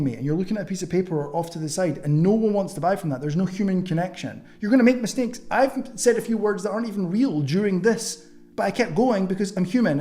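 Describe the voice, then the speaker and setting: A man's voice: fairly high pitch, mellow. A man teaching an online coaching course in a blunt, casual way, swearing freely.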